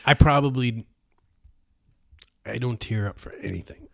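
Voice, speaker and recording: A man co-hosts a casual movie podcast in an ordinary mid-pitched voice. He talks bluntly and offhand, now and then mimicking a character's line for effect. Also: unhurried, vocal fry. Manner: blunt, acts out lines in high mock voices. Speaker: podcast co-host.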